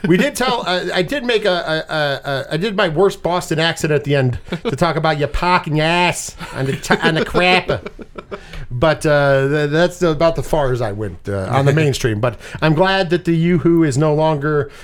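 A man's voice: a little high, normal speed. A man hosting a movie review podcast, switching between hyped announcer-style introductions and rambling casual chat. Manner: rambling with fillers and laughs. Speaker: podcast host.

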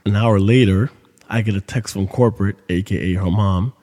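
A man's voice: on the low side, steady tone, moderate pace, dark tone, in a large hall. A man hosting a podcast, telling a story in casual monologue with loose, profane street talk. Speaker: podcast host.

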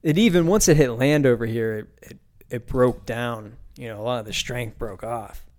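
A man's voice: mid-range voice, moderate pace, a little mellow. A young man from Pittsburgh hosting a solo podcast, talking loosely and profanely with lots of restarts. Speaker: podcast host. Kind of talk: casual solo podcast rant.

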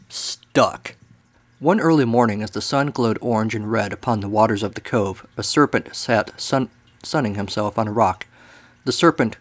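A man hosting a podcast segment, telling a comic story in a dry, wry way. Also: on the low side. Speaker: storyteller host.

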